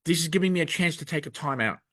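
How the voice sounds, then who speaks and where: A man's voice: on the high side, animated, quick pace, pushed and bright, no room sound. An angry man delivering a rambling, emphatic monologue to camera. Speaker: video presenter.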